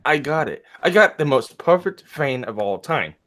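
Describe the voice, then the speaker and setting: A man's voice: a little high, sing-song, normal speed, fairly bright tone. A man co-hosting a podcast, bantering playfully. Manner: joking, playful. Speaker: podcast co-host. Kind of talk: casual banter.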